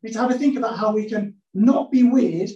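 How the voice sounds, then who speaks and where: A woman delivers a sermon in a church, playful and theatrical as she acts out little scenes in different voices. Her voice is mellow and a touch high, and the sound is roomy, caught from some distance off the mic. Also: quick pace, lo-fi sound. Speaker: preacher.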